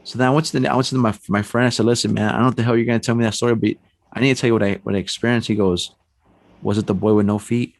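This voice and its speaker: A man telling a personal ghost story on a podcast, animated and acting out the voices in his tale. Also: fairly low pitch, racing, no echo. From San Antonio, Texas. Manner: animated storyteller, acts out quotes, frequent restarts and "man". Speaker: paranormal investigator guest.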